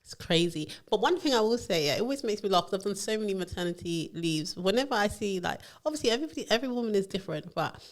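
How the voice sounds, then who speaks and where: Fast-talking woman chatting. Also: medium pitch. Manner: animated storytelling, acts out quotes. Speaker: podcast co-host, HR professional. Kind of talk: casual chat.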